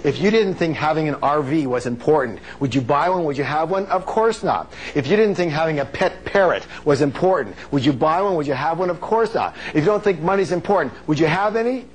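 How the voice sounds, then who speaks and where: A man's voice: on the high side, expressive, brisk, few pauses, breathy edge. A man with a slightly raised voice leads a live motivational seminar. He speaks emphatically, stacks repeated phrases and peppers the talk with jokes. He keeps quizzing the audience and has them call answers back.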